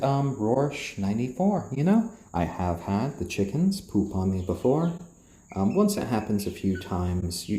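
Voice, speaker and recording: Soft-spoken, deep, slow man. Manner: soft, slow, soothing voice used to calm the chickens. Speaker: live stream host. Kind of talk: casual live-stream chat, reading out viewer comments. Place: indoors, roomy. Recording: roomy echo.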